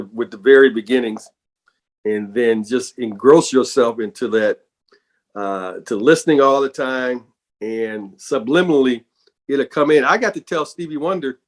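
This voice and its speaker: A middle-aged man, a bassist, telling stories in a casual interview, animated and often repeating words as he goes. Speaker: bassist and guest.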